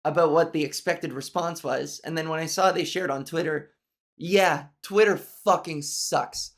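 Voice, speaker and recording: A woman hosting a solo podcast, talking frankly with a nasal voice and plenty of swearing, consciously lifting her voice higher and forward as she talks. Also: steady tone, moderate pace. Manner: frank, profane, venting with restarts. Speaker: podcast host. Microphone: camera mic angled up from below.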